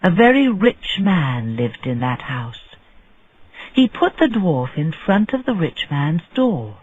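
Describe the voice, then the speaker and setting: A man telling a story in slow, deliberate audiobook narration for English learners. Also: fairly high pitch, big pitch swings, phone-quality sound. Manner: clear, deliberate phrasing.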